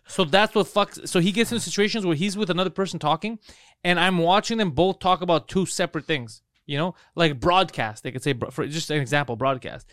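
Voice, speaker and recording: A man's voice: fairly high pitch, fairly quick, fairly bright tone, dry recording, clean studio sound. A man in casual comedic podcast chat, telling profane stories and acting out what others said. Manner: profane storytelling, acts out quotes.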